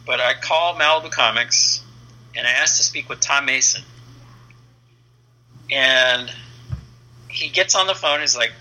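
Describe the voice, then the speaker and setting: A man's voice: medium pitch, measured pace, pauses often, poor audio. A man in his fifties, a comic book letterer and interview guest, casually telling an anecdote and acting out the dialogue. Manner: lively storyteller who acts out quoted dialogue.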